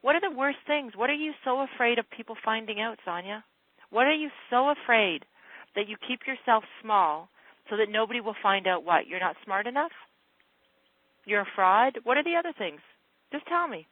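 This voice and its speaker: A woman's voice: a little high, lively intonation, moderate pace. A woman coach on a phone call with a client, talking in a direct, insistent and emphatic way. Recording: dry narrow phone line.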